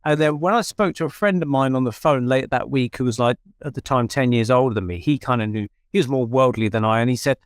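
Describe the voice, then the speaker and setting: Here the English-accented, middle-aged podcast host talks quickly and barely pauses, his mid-range voice free of echo. He shares a personal story in a chatty, self-mocking manner, restarting his sentences many times.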